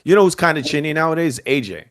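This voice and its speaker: A man's voice: on the high side, expressive, fast, a bit bright. A man co-hosting a casual boxing podcast, blunt and teasing with a joking edge. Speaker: podcast co-host.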